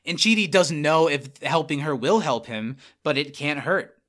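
A man's voice: fairly high pitch, expressive, fairly bright tone. A man hosting a podcast, casually recapping a TV episode in chatty fashion over a remote call. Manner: chatty, retelling scenes with quick quoted voices. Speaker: podcast host. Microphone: remote call mic.

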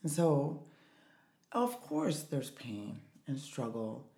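A woman's voice: a bass voice, sing-song, takes it slowly, vocal fry, warm tone, echoey room. A middle-aged woman hosting a podcast, talking in an emphatic, encouraging way. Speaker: podcast host. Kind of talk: podcast conversation.

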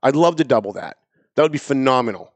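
A middle-aged man hosting a talk radio show, talking in an animated, emphatic way and repeating his phrases for effect. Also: medium pitch, fast, dry recording.

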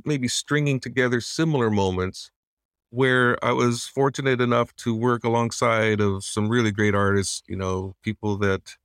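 A man's voice: medium pitch, a bit bright, smooth, no echo, studio quality. A middle-aged man, a veteran animator, telling stories in an earnest, reflective way with frequent restarts. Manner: earnest, reflective, many restarts and acted-out quotes. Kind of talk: casual interview storytelling.

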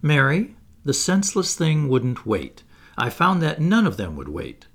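A man's voice: fairly high pitch, huge pitch swings, normal speed, gravelly, a bit bright, pitched above the performer's own voice, heavily acted. A man doing a pompous old lord, plaintive. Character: elderly male aristocrat, kindly and pompous.

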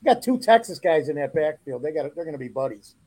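A man's voice: on the high side, very animated, fast, dark tone, husky, poor audio. A man guesting on a sports podcast, joking around with crude banter. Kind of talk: casual sports podcast chat.

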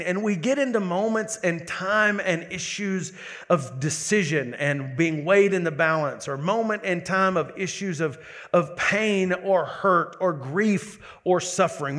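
A man's voice: high voice, fairly bright tone. A lead pastor preaching a sermon, building emphasis and repeating words as he drives a point home. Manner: preaching with rising emphasis and quick asides.

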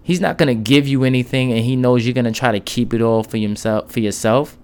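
A man gives a relaxed devotional talk in a smooth, resonant voice at an ordinary pitch. He talks to listeners like friends, repeating his points and tossing in casual asides. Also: a little fast. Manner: conversational, repeats key words, casual asides. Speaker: podcast preacher.

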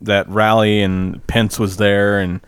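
A low-voiced man in a casual podcast chat, blunt and profane, padding his sentences with "like" and "I mean". The sound is dry and close, with no room around it. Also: little pitch movement, slow, smooth, no room sound. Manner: blunt, profane, filler-heavy with "like". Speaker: podcast co-host.

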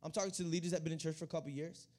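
A young man preaching a lively sermon to a youth congregation, often repeating his words as he builds energy. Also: fairly high pitch, rapid-fire. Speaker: youth pastor. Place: church hall.

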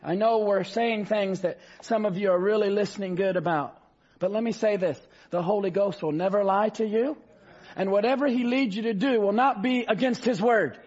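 A male preacher delivering a fervent sermon, reading scripture slowly and rising to shouts. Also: high voice, husky. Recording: dull lo-fi sound.

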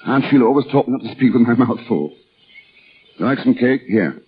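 A man's voice: medium pitch, lively intonation, brisk, slightly rough. An actor playing Alan, a playful young man who turns earnest, in an old radio-style drama. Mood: teasing. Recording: tinny old recording with faint music.

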